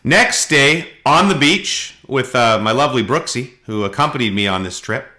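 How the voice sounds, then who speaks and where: A middle-aged man from Canada, co-hosting a podcast and telling animated anecdotes in casual chat. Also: mid-range voice, normal speed. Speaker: podcast co-host.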